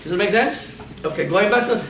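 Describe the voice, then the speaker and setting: Male anatomy lecturer, high voice, playful and quizzing, echoey classroom, mic across the room. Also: brisk, a bit bright, distant mic, a little hiss or hum. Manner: playful, quizzing students, frequent laughs.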